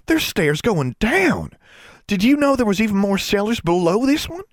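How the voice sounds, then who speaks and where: A man voicing an earnest young rural girl who talks in a folksy backcountry dialect, high and pleading. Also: sing-song, moderate pace, no echo, clean studio sound. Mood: excited.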